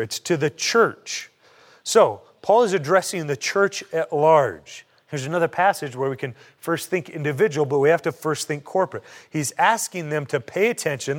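Guy preaching a sermon, kinda high voice, punchy repeated lines, keeps asking the crowd questions. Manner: emphatic, repeats short phrases for stress; asks the congregation rhetorical questions. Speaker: pastor.

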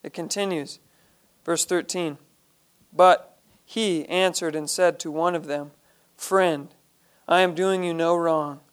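A man's voice: on the high side, steady tone, takes it slowly, pauses often, clean tone. A man leading a Bible study, reading each verse aloud and then explaining it in plain, earnest terms.

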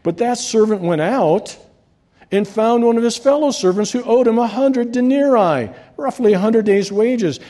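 Animated preaching man, warm voice. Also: very high-pitched, moderate pace. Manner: animated preaching, swings between loud rises and quiet drops. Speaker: pastor. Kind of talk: sermon.

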